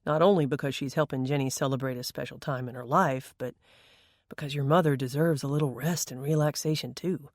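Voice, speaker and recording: Firm, fatherly middle-aged man, deep baritone, read by the narrator. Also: steady tone, a little fast, no room sound, studio quality, close to an everyday voice.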